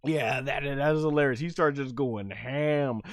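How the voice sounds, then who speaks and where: A man reviewing an anime episode on a live stream, excitable and laughing often, acting out scenes with sound effects. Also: medium pitch, measured pace, no room sound. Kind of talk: casual live-stream commentary.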